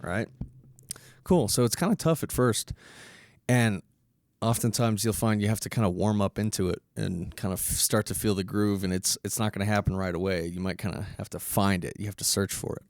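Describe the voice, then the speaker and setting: Low-voiced man teaching rhythm casually. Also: moderate pace, dry recording, clean studio sound. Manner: relaxed, explains step by step, counts beats aloud. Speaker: music teacher. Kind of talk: casual instructional lesson.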